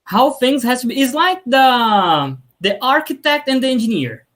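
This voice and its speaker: A woman's voice: high-pitched, lively intonation, moderate pace. A woman practicing conversation as a student, talking in a hesitant way with non-native phrasing.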